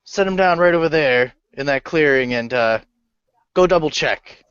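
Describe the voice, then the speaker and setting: Smooth-voiced man playing a tabletop game. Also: fairly high pitch, normal speed, fairly bright tone, no room sound, highs cut off. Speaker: player. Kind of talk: casual tabletop game play.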